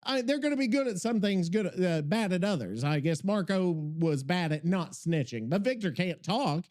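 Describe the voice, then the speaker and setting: A man hosting a podcast, talking in an excitable, rambling, profane way. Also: high-pitched. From Missouri. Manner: excitable, rambling, heavy swearing. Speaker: podcast host. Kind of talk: casual podcast chat.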